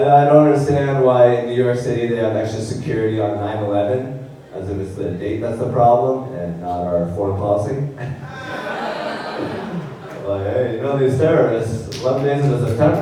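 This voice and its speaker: A young man works a stand-up set in a deadpan, halting way, dropping fillers between punchlines. His voice is mellow and low-key, caught slightly off the mic. The sound rings out in a very roomy hall. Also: recorded from a distance. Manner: deadpan delivery with filler pauses. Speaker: stand-up comedian. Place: large hall on stage. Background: audience laughter.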